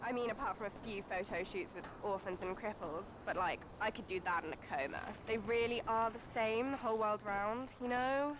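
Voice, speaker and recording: An actress playing a spoiled, snobbish young British celebrity, with an English accent and a drawling, entitled way of talking full of fillers. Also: female voice, medium pitch, brisk, hardly any pauses, noisy background, natural voice. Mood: whiny.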